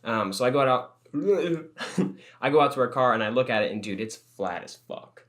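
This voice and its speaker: A man's voice: medium pitch, animated, normal speed, a bit bright. A young man co-hosting a podcast, telling a rambling story in casual chat, swearing and laughing often. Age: young adult. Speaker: podcast co-host.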